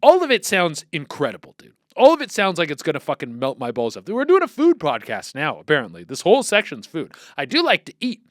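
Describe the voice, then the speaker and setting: A male podcast host ranting comedically with heavy swearing, animated and exclamatory. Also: fairly high pitch, fairly quick, few pauses, no echo, clean studio sound. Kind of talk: profane comedic rant.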